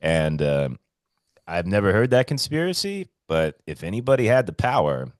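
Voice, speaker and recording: At a normal speed, a male podcast co-host in Hawaii chats casually and spins stories full of swearing. He's animated, performing quotes in a high voice, and the studio-quality audio has no room sound.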